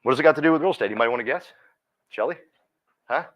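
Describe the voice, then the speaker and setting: A man's voice: mid-range voice, lively intonation, very fast, fairly bright tone. A man giving a motivational talk at a team meeting, speaking emphatically and calling on listeners by name. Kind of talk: motivational talk to a live audience.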